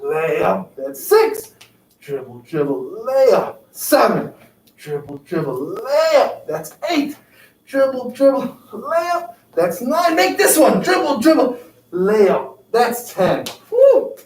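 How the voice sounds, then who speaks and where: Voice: medium pitch, big pitch swings, slow, darkish tone. A yoga instructor leading an exercise class, counting out repetitions and encouraging everyone as they go. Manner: counting out reps, upbeat encouragement. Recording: echoey room, distant mic, faint noise.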